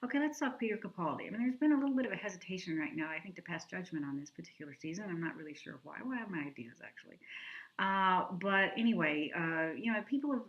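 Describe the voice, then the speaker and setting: A woman hosting a casual TV review video, chatty and opinionated with quick asides. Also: fairly low pitch, lively intonation, a bit bright, highs cut off. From lives in France.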